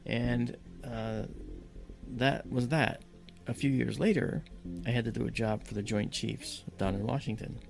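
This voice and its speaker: A man recounting a dramatic personal experience, telling it in an animated way and acting out the voices of the people in it. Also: mid-range voice, unhurried, creaky, soft background music. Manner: animated storyteller who acts out quoted voices. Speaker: guest recounting a personal story. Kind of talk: storytelling in conversation.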